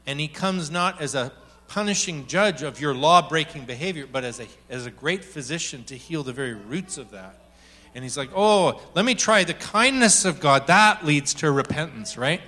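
A man preaching a sermon in a lively, joking way, telling stories and acting out quotes as he talks to a congregation. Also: a little high, moderate pace. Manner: animated and joking, acts out quotes. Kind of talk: sermon with storytelling.

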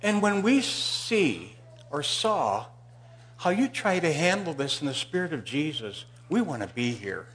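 A male pastor preaching a sermon in a church, telling a Bible story and swinging from loud emphasis to hushed asides. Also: fairly high pitch, big pitch swings, unhurried, slight background noise.

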